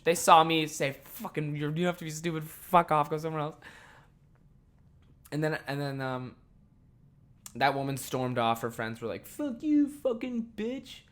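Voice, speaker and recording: A podcast host tells a work story as a casual ranting monologue, heated and profane. He swings between loud outbursts and low muttering, laughing at himself along the way in a self-deprecating manner.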